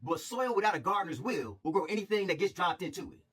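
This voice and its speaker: A man's voice: high-pitched, sing-song, fast, a bit bright, husky, full character voice. A man voicing a streetwise old male groundskeeper who gives blunt, profane advice. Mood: wise.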